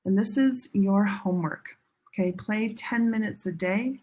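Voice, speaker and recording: A woman teaching English pronunciation to a class, slowly modeling sentence stress and repeating example sentences. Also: mid-range voice, dark tone. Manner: slow, drawn-out modeling of sentence stress with repetition. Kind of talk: classroom lesson demonstrating an app.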